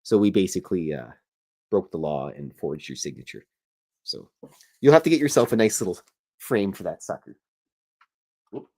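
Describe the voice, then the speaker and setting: A man with a lowish voice hosts a casual stream, talking as he sketches. He rambles, jokes at his own expense and keeps up an easygoing, chatty flow. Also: very animated, moderate pace, long pauses, a little mellow, breathy edge. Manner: rambling, chatty, self-deprecating. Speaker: show host. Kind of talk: casual livestream chat while drawing.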